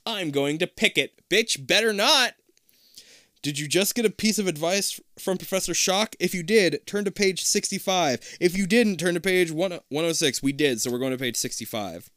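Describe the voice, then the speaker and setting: A man's voice: fairly high pitch, brisk, few pauses, a bit bright, dry recording, studio quality. A man reading a choose-your-own-adventure book aloud casually, swearing and joking between passages. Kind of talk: casual comedic read-aloud.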